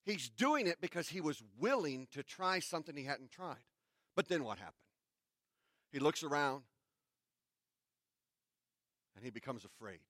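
A man pastor who reads scripture and then preaches in a conversational sermon, with restarts and dramatic pauses. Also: fairly high pitch, very animated, a bit bright, no echo, clean studio sound.

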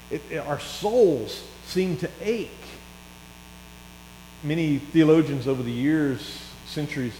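A middle-aged man preaching a sermon in a church, chatty and telling stories that swell into excited bursts. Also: on the high side. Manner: conversational, rising to excited storytelling. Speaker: pastor. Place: church hall. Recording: echoey hall with faint mains hum.

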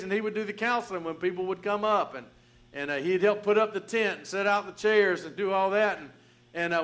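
A man preaching a storytelling sermon with a noticeably high voice. He speaks conversationally, restarting phrases and leaning on "and, uh" as he goes. Now and then he chuckles at his own story. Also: fairly bright tone. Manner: conversational, many restarts and fillers.

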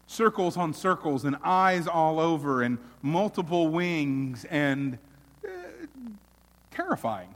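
A man's voice: fairly high pitch, animated, slow. Preaching man in an echoing church. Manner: earnest preaching, swelling loud then dropping to near hush. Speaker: pastor. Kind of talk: sermon.

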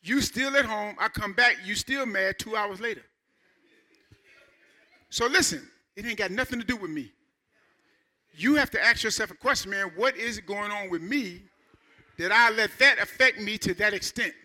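Middle-aged male pastor, chatty preaching that climbs to shouts, high tense tone. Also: normal speed, pauses often. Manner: animated, conversational preaching with rising shouts. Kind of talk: sermon.

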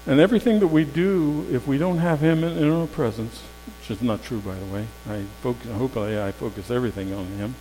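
A male preacher delivers a sermon in a loose, conversational storytelling manner, his voice set at an ordinary middle pitch. He moves from loud, emphatic passages to near-hushed ones. The sound carries a long hall reverb over a faint mains hum. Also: a little fast, few pauses.

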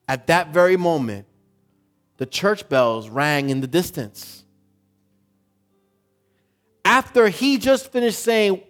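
Preacher, male, high voice, storytelling sermon, questions the congregation, faint music underneath. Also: expressive, slow, pauses often. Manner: asks the congregation questions, builds to emphatic preaching.

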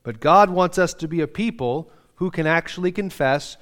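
A man's voice: fairly high pitch, normal speed, a bit bright. A middle-aged man preaching a sermon, earnest and conversational, reading scripture aloud with feeling. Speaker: pastor.

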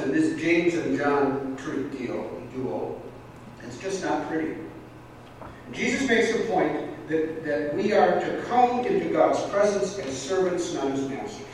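A man preaching a sermon, chatty and a little halting, now and then acting out the voices in his stories. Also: a little high, a little hiss or hum. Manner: conversational preaching with small restarts, acting out quoted voices. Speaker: pastor. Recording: echoey church hall from far off.

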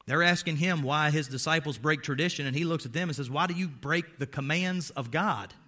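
A man's voice: a little high, a little fast, bright, forceful tone. A man preaching a sermon as pastor, emphatic and quizzing his listeners with rhetorical questions, with folksy, wry asides.

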